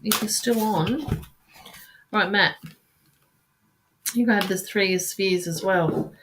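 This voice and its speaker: A woman's voice: medium pitch, fairly bright tone, a little hiss or hum. Sighing, hesitant woman card reader. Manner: halting, searching, with frequent sighs and restarts; calls listeners sweetheart and darling. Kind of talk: live card reading.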